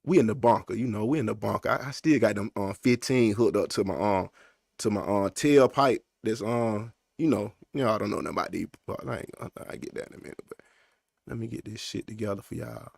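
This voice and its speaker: A man's voice: on the low side, fast, creaky, a little mellow, no echo, clean studio sound. A man hosting a casual, unscripted podcast, rambling in loose slang with lots of fillers and asides. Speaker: podcast host.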